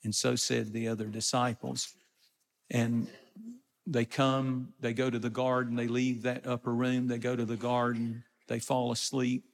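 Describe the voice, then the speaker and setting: A man delivers a sermon at an unhurried pace, moving between scripture passages and his own plain explanations. His voice sits in a middle pitch range. A long reverb trails each phrase, as if the recording was made in a large hall. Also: monotone, gravelly. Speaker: pastor.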